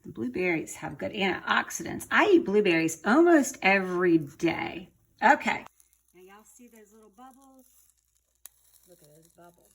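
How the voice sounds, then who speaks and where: A folksy woman chats her way through a recipe in her home kitchen. Her voice sits a little on the high side, and she keeps turning to the viewers as she cooks. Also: slight background noise. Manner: chatty, folksy, addresses viewers directly. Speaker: cooking show host. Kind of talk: casual cooking demonstration.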